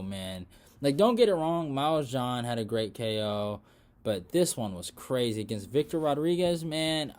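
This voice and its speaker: A young man hosting a casual fight recap, rambling with many fillers and restarts, dropping into mumbles, then bursting out loud and excited. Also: mid-range voice. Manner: rambling, lots of fillers and restarts, swears freely; swings from mumbled asides to excited loud outbursts. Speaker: MMA predictions channel host.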